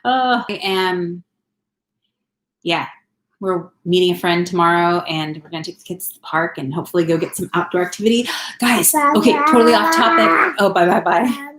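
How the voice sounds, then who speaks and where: Thirtysomething california mom rambling on a home livestream, laughs a lot, echoey room. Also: female voice, fairly low pitch, a bit bright. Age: 30s. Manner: chatty, rambling, laughs often. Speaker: vlogger. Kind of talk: casual live-stream chat. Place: home, indoors.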